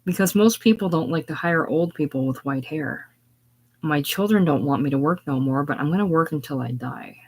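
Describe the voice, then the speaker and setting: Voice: medium pitch, normal speed, darkish tone, husky, poor audio. A reader voicing a blunt, matter-of-fact woman of sixty-eight who works at a sewing machine, in a casual reading of a teleplay. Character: 68-year-old woman, blunt, stubborn coworker.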